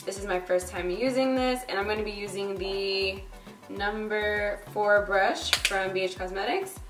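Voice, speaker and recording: A woman's voice: medium pitch, fairly even intonation, a little slow, far from the mic. Young female beauty vlogger, chatty and bubbly, echoey room, slightly off-mic, faint music behind. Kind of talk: casual makeup tutorial talk. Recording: roomy echo, a bit off-mic. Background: faint background music.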